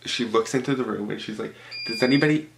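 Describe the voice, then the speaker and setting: A young man from Canada tells a storytime vlog at home, chatty and animated, swearing freely and stuffing his sentences with fillers. His voice sits fairly low and has a gravelly fry running through it. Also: fast, noisy background. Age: young adult. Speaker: vlogger. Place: room at home, tablecloth backdrop.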